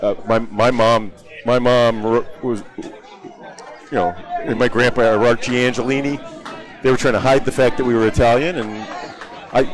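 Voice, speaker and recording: Over the loud crowd of a bowling alley, a man does live bowling commentary, trading banter and dry, joking asides with his co-host. His voice is medium-pitched and steady, moving at a normal speed.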